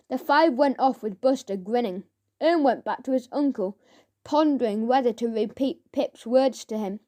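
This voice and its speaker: A woman narrating a children's audiobook in a measured storytelling manner. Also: a little high, warm tone.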